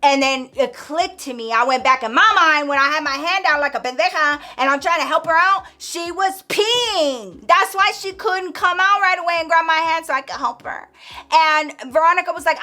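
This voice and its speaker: A woman vlogger telling a casual storytime, animated and gossipy, slangy and blunt, acting out her friends' lines. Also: high-pitched, normal speed. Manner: slangy, blunt, swears freely.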